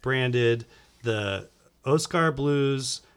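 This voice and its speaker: A man's voice: medium pitch, extremely slow, clear, resonant tone. Man, podcast co-host, easygoing, agreeable, living room chat. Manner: easygoing, agreeable, frequent short affirmations.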